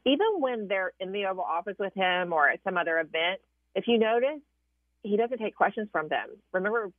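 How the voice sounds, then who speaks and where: A woman with a Southern US accent, a political correspondent calling in, explaining things in a measured way with some hesitations. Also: mid-range voice, lively intonation, dry recording. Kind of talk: phone-in interview. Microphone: phone. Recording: tinny dry phone line.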